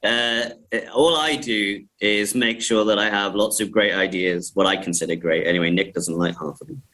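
A film director talking casually in an interview, rambling with many restarts and frequent laughs. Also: male voice, fairly low pitch, moderate pace, sharp tone, rough recording.

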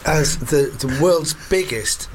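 A man's voice: on the high side, slow, noisy background. A man co-hosting a casual podcast chat, jokey and wry. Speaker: podcast co-host.

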